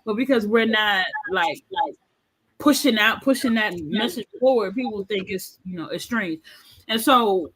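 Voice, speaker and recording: A woman in her thirties, a podcast panelist, speaks frankly and animatedly in a candid discussion, acting out quoted voices. Her mid-range voice is husky and unhurried, on a low-quality recording.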